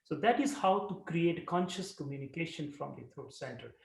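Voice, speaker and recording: Male meditation teacher, high, animated delivery, demonstrative chanting; roomy echoey recording. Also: normal speed, vocal fry. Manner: demonstrative, with long projected chanted syllables. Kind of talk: guided breathing and chanting instruction.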